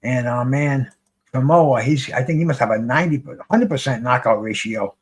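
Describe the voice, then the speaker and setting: Zachrypnięty mężczyzna, luźny komentarz bokserski. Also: male voice, medium pitch, moderate pace, breathy edge. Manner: rambling, swears freely, many restarts, excitable. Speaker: streamer commenting on a live boxing broadcast. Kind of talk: casual live fight commentary.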